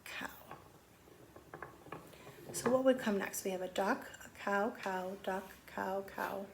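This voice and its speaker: A woman teacher giving a remote lesson to young children, counting slowly in a gentle, sing-song, encouraging way. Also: mid-range voice, creaky, slight background noise.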